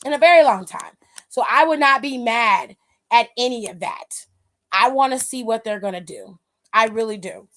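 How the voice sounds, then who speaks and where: A woman's voice: on the high side, animated, moderate pace, fairly bright tone. A woman hosting a wrestling aftershow, giving casual, emphatic, profane live-stream commentary and reading viewer comments aloud.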